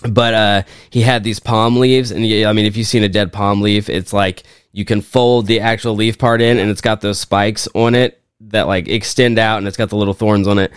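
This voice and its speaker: A man's voice: on the low side, steady tone, normal speed, hardly any pauses, clear, resonant tone, no room sound, clean studio sound. A young man co-hosting a podcast, telling rambling stories in casual chat and swearing often. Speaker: podcast co-host.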